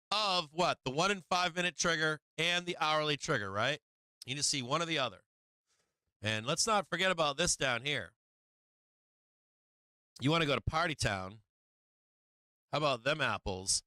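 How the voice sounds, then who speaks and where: A man's voice: a little high, bright, forceful tone, smooth, no echo. A man hosting a live stock market stream, walking through charts and asking viewers rhetorical questions. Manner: rhetorical questions to viewers, chats to his cat. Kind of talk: live trading commentary.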